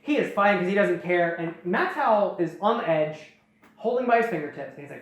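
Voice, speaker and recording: A woman's voice: lowish voice, animated, fairly quick. A woman host casually retelling a story in a rambling, jokey way with many fillers and restarts. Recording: very echoey room.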